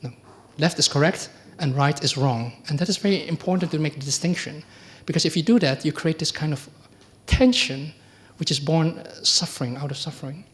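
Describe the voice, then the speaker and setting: A man's voice: fairly quick, hardly any pauses. A middle-aged man, a monk giving a conversational dharma talk, often asking the audience questions and acting out quoted exchanges. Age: middle-aged or older. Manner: acts out quoted exchanges with lively pitch jumps. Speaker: Buddhist monk teacher.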